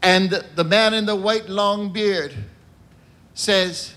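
A man doing stand-up in the persona of a cardinal, telling jokes slowly and deliberately and pausing before punchlines. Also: high voice, fairly even intonation, a bit bright. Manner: slow, deliberate joke delivery with punchline pauses.

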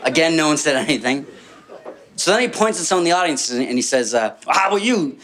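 A man telling a stand-up story in a halting, deadpan way, full of pauses and fillers. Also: a little high, slight background noise. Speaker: comedian.

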